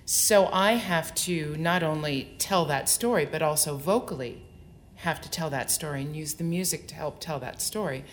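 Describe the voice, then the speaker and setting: Low-voiced soprano woman, expressive talk. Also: normal speed, a little hiss or hum. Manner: articulate and expressive, explains at length. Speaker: opera soprano. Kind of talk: onstage interview before an audience.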